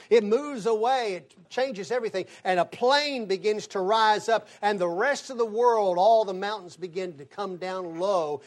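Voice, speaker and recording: A man teaching a conversational Bible lesson as a Sunday school teacher, telling stories and acting out the dialogue. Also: sits high. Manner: animated storyteller acting out dialogue.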